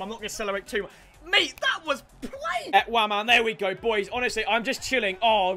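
Young man, gaming commentator, high lively voice, shouty bursts, faint game music under it. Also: a little fast. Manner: shouts in bursts, repeats catchphrases. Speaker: gaming YouTuber. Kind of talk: excited gameplay commentary.

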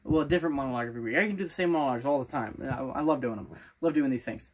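A sixteen-year-old boy rambles playfully in a casual vlog to the camera, putting on a loose made-up accent. His pitch is medium and he talks very fast.

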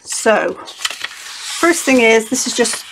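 A woman's voice: fairly high pitch, very animated, very slow, creaky. Woman, middle-aged, casual rambling craft talk, faint background noise. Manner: chatty, rambling, self-interrupting. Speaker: craft vlogger. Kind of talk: casual chatty craft tutorial. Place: home craft desk.

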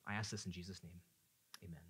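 A man's voice: low-pitched, steady tone, fast talker, a bit bright, breathy edge. Earnest male pastor preaching. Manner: earnest, rises to impassioned pleading in voiced prayers. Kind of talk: sermon.

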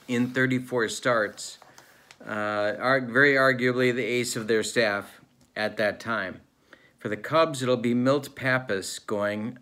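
Man, tabletop baseball replay host, mock-serious sportscaster narration, deadpan humor, relaxed delivery with fillers. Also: on the low side. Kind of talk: play-by-play style narration of a tabletop game replay.

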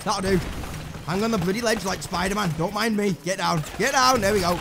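An English man giving excitable, swearing let's play commentary to himself while he plays, with game music behind him. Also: high voice, a little fast, vocal fry, background noise. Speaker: gameplay commentator.

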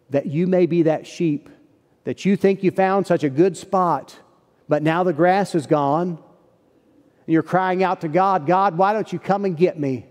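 A man's voice: a little high, darkish tone. A man preaching a sermon as pastor, telling a story in earnest, folksy phrasing. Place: church sanctuary. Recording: long church hall reverb.

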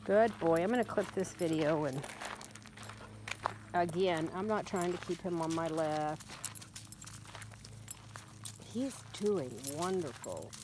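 Woman breeder, lowish voice, relaxed walk-and-talk, phone mic outside, rural noise behind. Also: slow, long pauses. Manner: chatty, talks to the dog in a coaxing voice. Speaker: dog breeder. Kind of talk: casual vlog while walking a puppy. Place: outdoors on a rural road.

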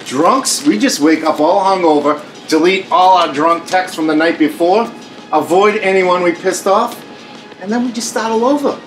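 Guy playing a cranky boston store clerk in his thirties, swears a lot, sarcastic and blows up fast. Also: high-pitched, soft background music, lightly acted. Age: 30s. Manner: crude, sarcastic, quick to explode. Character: foul-mouthed Boston store clerk, hot-tempered. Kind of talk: sitcom acting.

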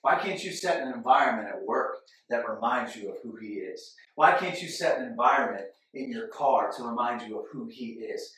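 A man preaching a sermon as a pastor, animated, with his delivery swinging from loud to hushed. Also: mid-range voice, far from the mic. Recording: echoey church hall from off-mic.

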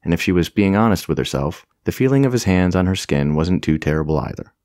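A man's voice: deep voice, fast talker, darkish tone, no echo, studio quality. A man narrating a comic fantasy audiobook with a wry, storytelling delivery.

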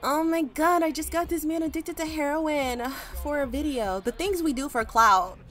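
A woman giving casual, animated gameplay commentary, full of slang and sudden shrieks of mock alarm. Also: high voice, moderate pace, faint music behind. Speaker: gaming YouTuber.

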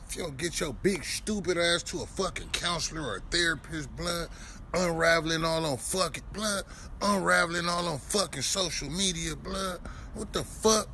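A man's voice: fairly high pitch, moderate pace, bright, forceful tone, slight background noise. Profane mocking man roasting someone. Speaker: comedian host. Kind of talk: comedic roast rant.

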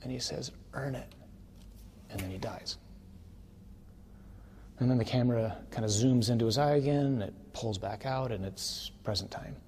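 A priest teaching on worship in an easy, conversational manner, checking in with his listeners through quick tag questions. His voice sits at a middle pitch and rises to emphatic, ringing declarations, with a faint hiss of noise under the recording. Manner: builds to forceful, emphatic declarations.

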